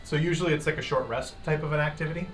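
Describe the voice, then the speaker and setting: A man's voice: fairly high pitch, racing, fairly bright tone, distant mic, slight background noise. A man running a tabletop game as game master, laid-back and joking as he explains rules and narrates.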